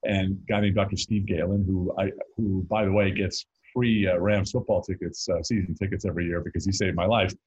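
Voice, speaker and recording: Middle-aged male guest, low husky voice, chatty storyteller who jokes and restarts sentences. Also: steady tone, fairly quick, few pauses, darkish tone, dull audio. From North Carolina. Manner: rambling, self-interrupting, joking. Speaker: guest musician and author. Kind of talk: casual interview storytelling.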